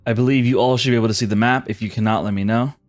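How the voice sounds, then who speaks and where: A man's voice: mid-range voice, fairly even intonation, very fast, dry recording, faint music behind. A man narrating as game master on a livestream, rambling and correcting himself as he goes.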